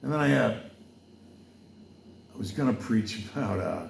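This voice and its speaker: A low, gravelly man from Wales holds forth at a slow, unhurried pace. He wanders from point to point with fillers and side remarks, drifting into preaching as he goes. The room around him is echoey. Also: animated, a little hiss or hum. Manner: loose and digressive, with many fillers and asides. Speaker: podcast host. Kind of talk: rambling casual monologue with preaching.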